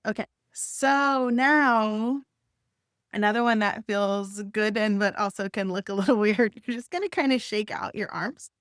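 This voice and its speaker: A woman gently guiding listeners through a breathing and stretching exercise. Her instructions are soft, encouraging and unhurried, with the odd light laugh. Her voice sits at a middle pitch and sounds close and dry, with no room around it. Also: smooth, dry recording. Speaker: wellness instructor.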